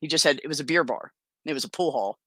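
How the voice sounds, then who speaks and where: A woman guest telling stories in a casual conversation, animated and laughing often, acting out the voices of the people she quotes. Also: low-pitched, fast talker, slightly rough, no echo, clean studio sound. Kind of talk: casual storytelling.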